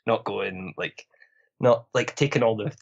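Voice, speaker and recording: A man's voice: on the low side, unhurried, gravelly, lo-fi sound. A Scottish man, a podcast guest, chatting casually and filling his speech with "like" and "you know".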